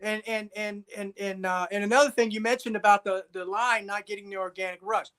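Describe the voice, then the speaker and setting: A man's voice: sits high, fairly even intonation, brisk, a bit bright, clear, resonant tone. A man co-hosting a casual sports talk show, insistent, repeating himself and checking agreement with "right?". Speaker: podcast co-host.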